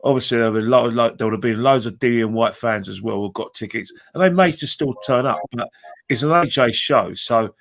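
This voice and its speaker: A man's voice: mid-range voice, brisk. A man co-hosting a casual boxing chat, giving emphatic opinions with frequent restarts. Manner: emphatic, repeats himself.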